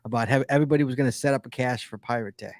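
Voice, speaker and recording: A man's voice: mid-range voice, fairly even intonation, racing, no room sound, clean studio sound. A man co-hosting a casual podcast, chatty and teasing as he reads listener emails aloud. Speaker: podcast co-host.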